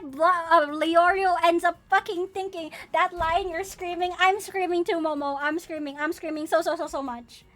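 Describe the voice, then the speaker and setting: Excitable high-voiced young woman streamer. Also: normal speed, hardly any pauses, soft background music. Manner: excitable, profane, squealing fangirl bursts. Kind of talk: casual live-stream chat about her characters.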